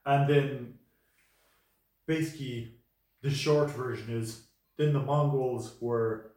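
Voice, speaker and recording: A man's voice: medium pitch, fairly even intonation, takes it slowly, darkish tone. A man co-hosting a podcast, rambling through a story with frequent restarts and self-corrections. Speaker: podcast co-host. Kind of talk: casual chat. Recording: echoey room, mic at a distance.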